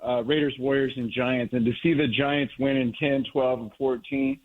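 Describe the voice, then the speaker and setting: A man's voice: medium pitch, fairly even intonation. Middle-aged male caller on a tinny phone line. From Monterey Bay area, California. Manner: heartfelt, slow and reflective. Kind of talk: call-in reminiscing.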